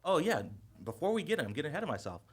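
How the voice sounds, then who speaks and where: Lively upbeat male host. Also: on the high side, racing, breathy edge. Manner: upbeat, laughs often, leads the segments. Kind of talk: casual game preview discussion.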